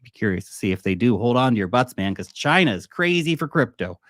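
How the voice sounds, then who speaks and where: A man hosts his own crypto channel in a loose, conversational way, hopping from headline to headline with blunt opinions. His voice sits at a middling pitch, recorded close and dry with no room sound. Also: big pitch swings, no echo. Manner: chatty and off-the-cuff, with asides and quick laughs. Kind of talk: casual market commentary to camera.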